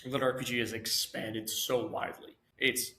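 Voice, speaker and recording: A man's voice: mid-range voice, level tone, normal speed, pushed and bright. A man hosting a podcast, playful and jokey in casual chat. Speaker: podcast host. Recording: roomy echo.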